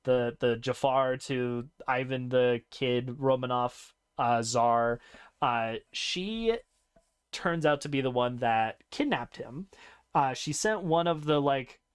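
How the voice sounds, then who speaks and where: Animated male podcast storyteller. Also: medium pitch, takes it slowly, clean tone. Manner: animated storyteller who acts out characters. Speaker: podcast host. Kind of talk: casual chat.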